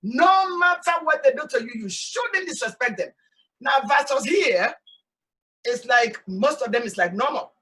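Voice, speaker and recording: A Sierra Leonean woman hosts her show in a lively, emphatic way, piling up repeated no's. Her voice is high and bright, a little forceful. She sounds set back from the mic. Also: measured pace, far from the mic, rough recording. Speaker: host. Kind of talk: casual talk show monologue. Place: outdoors in hot sun.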